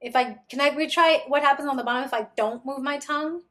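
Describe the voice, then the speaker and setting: A woman's voice: sits high, fast talker. A woman voice student talking through her impressions in a chatty, hesitant way with filler words. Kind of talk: lesson conversation.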